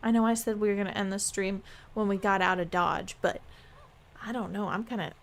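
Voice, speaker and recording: A woman's voice: medium pitch, steady tone, a little fast. Chatty young woman streaming a game. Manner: chatty, playful, musing aloud. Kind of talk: live game stream chat.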